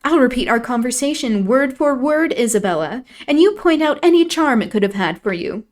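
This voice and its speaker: A woman reading aloud, voicing a proud, sharp-tongued young lady of the house in a raised, emphatic voice. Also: high voice, animated, a little fast, voice pushed up. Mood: scornful. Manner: scornful, emphatic.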